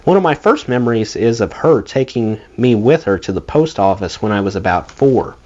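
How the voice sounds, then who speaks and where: A man reading a memoir aloud as an audiobook, with an expressive delivery. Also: on the low side, normal speed. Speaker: audiobook reader. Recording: dull lo-fi recording.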